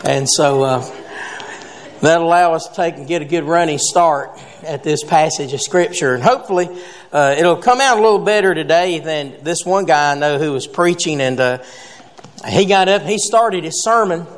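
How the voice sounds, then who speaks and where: A high-pitched man preaches from the pulpit, telling a homespun joke before walking through the Scripture. His voice rings out with a long reverb tail from the church sanctuary around him. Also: normal speed. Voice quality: folksy storytelling with jokes. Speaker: pastor. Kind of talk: sermon.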